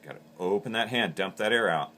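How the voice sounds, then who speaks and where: A man with a lowish voice and a bright, crisp edge talks through instructions in a plain, practical way. He explains step by step, often repeating a word as he goes. A faint noise sits behind him. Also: a little fast. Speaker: call maker instructor. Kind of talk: instructional demonstration.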